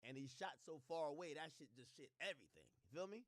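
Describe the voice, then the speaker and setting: A man giving casual reaction commentary on a trial as a channel host, telling it in animated slang and acting out the lines he quotes. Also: fairly high pitch, fast, no echo, clean studio sound.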